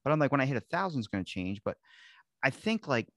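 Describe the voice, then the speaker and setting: A man's voice: mid-range voice, dry recording. A man with a Baltimore accent hosting a podcast, chatting casually and swearing as he tells stories. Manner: fast, swearing, animated storyteller. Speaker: podcast host.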